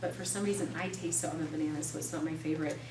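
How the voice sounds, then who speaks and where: A woman in her thirties teaching an evening class, chatty and animated, telling stories with quick laughs. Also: sits low. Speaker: class instructor. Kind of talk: live classroom demonstration. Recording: echoey room, distant mic, faint noise.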